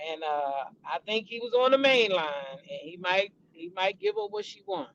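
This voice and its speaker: A woman's voice: mid-range voice, big pitch swings, moderate pace, vocal fry, a bit bright, muffled recording, slight background noise. A woman hosting a celebrity gossip show, chatting casually and animatedly to her viewers and calling them y'all.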